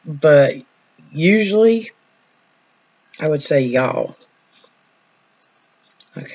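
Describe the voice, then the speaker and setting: A woman's voice: sits low, unhurried, darkish tone, muffled recording. A woman, a nurse chatting casually in a vlog, telling stories in a folksy way that trails off now and then.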